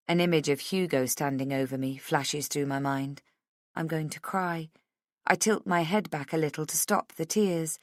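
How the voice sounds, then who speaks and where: Woman, low voice, audiobook narrator, first-person thriller, measured, intimate, dry close recording. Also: no room sound.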